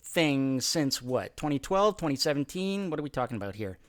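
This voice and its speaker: A man's voice: medium pitch, sing-song, normal speed, dry recording, clean studio sound. A man hosting a casual podcast interview, asking playful, chatty questions. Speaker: podcast host.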